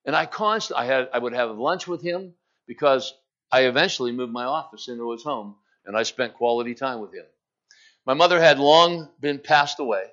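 A middle-aged man preaching a sermon, retelling a story with emphasis and acting out its quotes, then telling a personal story in a quieter, conversational way. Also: medium pitch, expressive, normal speed. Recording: dull lo-fi filmed sermon.

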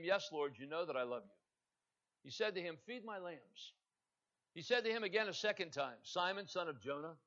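A man preaches with a high, bright and forceful voice that keeps climbing into emphatic, dramatic retellings of scripture. The recording is dull and lo-fi. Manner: rising to loud, emphatic preaching, acting out scripture dialogue. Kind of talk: sermon.

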